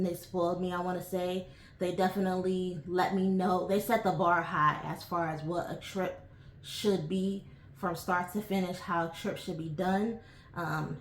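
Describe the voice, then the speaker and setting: A woman in her forties from New York, chatting casually to camera as host of her own channel, rambling with lots of ums and asides. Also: lowish voice. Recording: echoey room.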